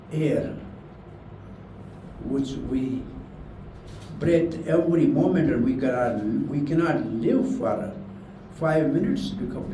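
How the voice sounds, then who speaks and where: A man's voice: fairly high pitch, warm tone, a little hiss or hum. A man giving an earnest spiritual lecture as a values-class teacher, full of rhetorical questions. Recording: roomy hall from a distant mic with faint ambience.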